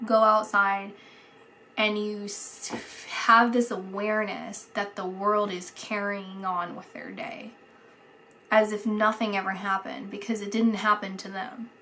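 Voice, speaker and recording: Soft-spoken woman doing a psychic reading. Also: medium pitch, flat delivery, a little hiss or hum. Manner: halting, searching for words, many fillers; soft, dreamy, drops to a whisper at times. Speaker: psychic reader. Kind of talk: casual spiritual reading.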